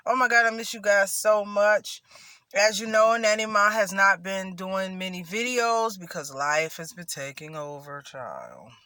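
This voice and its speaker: A man's voice: high voice, expressive, unhurried, sharp tone, clean tone, no room sound. A man chatting to camera as a vlogger, sassy and chatty, calling himself by a nickname in the third person. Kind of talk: casual chat to camera. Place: at home in Florida.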